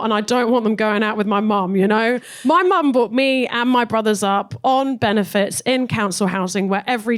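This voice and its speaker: A young woman from Cornwall, doing a stand-up set full of chatty, self-deprecating asides. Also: fairly high pitch. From Cornwall, England. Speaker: stand-up comedian.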